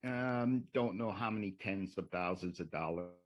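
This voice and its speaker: A man's voice: low voice, moderate pace, highs cut off. A man making a sarcastic, needling public comment at a city council meeting.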